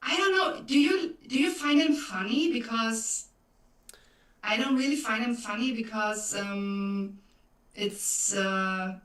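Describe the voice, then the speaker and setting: A woman with a German accent, speaking English as a second language, chats hesitantly as an interviewer with many pauses. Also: fairly high pitch, a bit bright. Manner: hesitant, many ums and uhs. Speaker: interviewer, fan club member. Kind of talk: casual interview chat. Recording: echoey room, far from mic.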